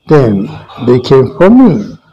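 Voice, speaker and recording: A man reading a fable aloud and adding his own comments, deliberate with small restarts. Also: medium pitch, very animated, warm tone, lo-fi sound. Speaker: storyteller.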